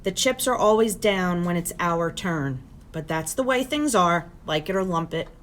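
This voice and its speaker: A woman reading aloud, voicing a tough, protective teenage greaser boy in a lowered, rough delivery. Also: lively intonation, normal speed, lightly acted. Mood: good-natured.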